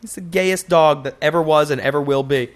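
A young man hosting a casual solo podcast, joking and cursing through loose, animated stories. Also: fairly high pitch, a little fast. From United States. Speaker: podcast host.

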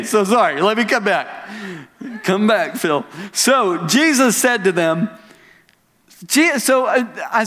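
A man's voice: sits high, fairly bright tone, in a large hall. A man preaching a sermon as pastor, telling stories with self-deprecating asides and leaning hard on key words. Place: church sanctuary.

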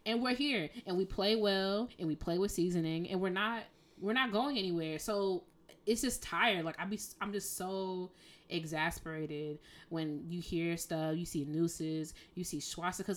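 A woman's voice: fairly low pitch, unhurried. A woman co-hosting a podcast, ranting emphatically and exasperatedly in casual speech. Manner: exasperated, emphatic, conversational slang. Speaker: podcast co-host.

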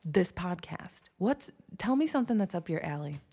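A woman's voice: on the low side, sing-song, moderate pace, warm tone, slightly rough. Chatty rambling woman podcaster. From United States. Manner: chatty, self-deprecating, rambling with fillers. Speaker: podcast host. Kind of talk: casual solo podcast chat.

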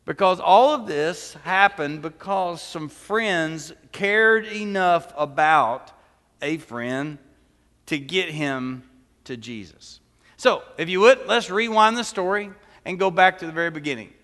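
A man's voice: high-pitched, animated, takes it slowly, a bit bright. A male pastor preaching a sermon in a church, talking conversationally with humorous asides. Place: church sanctuary. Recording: long church reverb.

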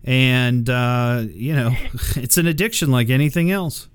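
Man host, casual interview, smooth clear voice, dry close sound. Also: mid-range voice, a little slow, dry recording.

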